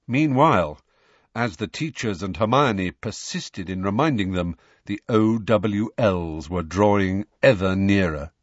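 A man reading an audiobook as narrator in an animated storytelling manner. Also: fairly low pitch, a little slow, no room sound. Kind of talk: scripted narration. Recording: dull lo-fi dry recording.

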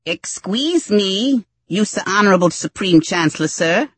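A man doing a timid high Gungan alien. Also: lively intonation, slightly rough, heavily acted. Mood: nervous. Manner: broken pidgin speech, high and slow. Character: timid clumsy male Gungan alien, fawning.

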